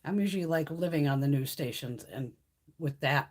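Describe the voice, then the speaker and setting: A woman's voice: low-pitched, normal speed, darkish tone, slight background noise. Blunt, foul-mouthed woman chatting on a livestream. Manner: blunt, swears freely, laughs often. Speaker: beauty livestream host. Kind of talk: casual live chat with viewers. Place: home on a mountain.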